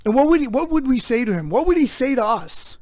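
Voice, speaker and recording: A man's voice: very high-pitched, fast talker, no echo. A man hosting his own show, delivering a rambling, profane comedic monologue. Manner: rambling, profane, animated rants. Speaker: host.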